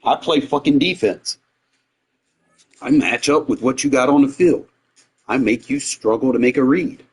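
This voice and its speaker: A man's voice: medium pitch, moderate pace, breathy edge. A man streaming a football video game, trash-talking his opponent with heavy profanity and taunts. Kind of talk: live game-stream reaction.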